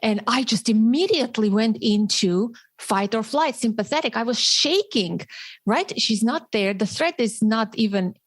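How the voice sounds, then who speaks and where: A woman hosts a podcast interview, recounting a personal experience in a lively, animated way and restarting her sentences now and then. Her voice sits at a middle pitch and is recorded with a dry sound that has no room echo. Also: moderate pace. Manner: animated personal storytelling with repeated starts. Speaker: podcast host.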